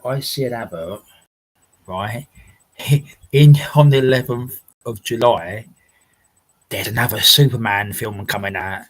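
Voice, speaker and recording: A man with a mid-range voice speaks unhurriedly, leaving long pauses, as he hosts a laid-back livestream from home. He reads viewer comments in a rambling chat, often laughing and now and then swearing. The recording is rough.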